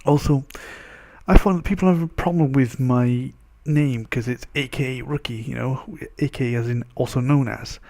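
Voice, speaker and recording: A man's voice: mid-range voice, normal speed, vocal fry, a little mellow. A man with a Welsh accent and a stuffy nose from a cold, chatting loosely and rambling in a casual vlog. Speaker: vlogger. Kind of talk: casual chat.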